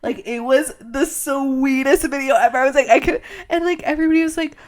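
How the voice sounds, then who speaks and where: High-voiced gushing young woman. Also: fairly quick. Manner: gushing, animated, leans on "like". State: slightly runny nose. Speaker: podcast co-host. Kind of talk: casual chat.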